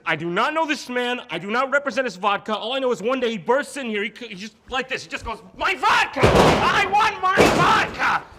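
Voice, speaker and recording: A man's voice: very high voice, sharp tone, voice pushed up, heavily acted. A man voicing a flustered liquor executive who panics and stammers. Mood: panicked.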